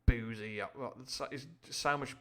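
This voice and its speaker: A man's voice: medium pitch, fairly even intonation, moderate pace, a bit bright. A man reading a classic adventure novel on a live stream, breaking off often for playful, irreverent explanations. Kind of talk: book reading with chatty asides.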